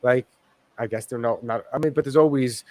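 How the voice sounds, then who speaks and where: A man's voice: medium pitch, a little fast, warm tone, no echo. A man with a New York accent, co-hosting a podcast in laid-back, casual chat with some swearing. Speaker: podcast co-host.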